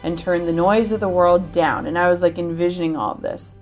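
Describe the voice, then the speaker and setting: A woman's voice: fairly low pitch, fairly even intonation, brisk, faint music behind. A woman from Minnesota, a guest on an interview podcast, chatting casually with frequent "like" fillers and acting out quoted conversations. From Minnesota, USA.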